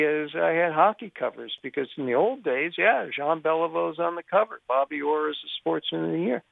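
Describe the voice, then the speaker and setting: A little high and gravelly, this older man's voice comes through a phone line with no room sound as he calls a radio show. A sports journalist, he tells a long tale with animation, putting on the voices of the people he quotes.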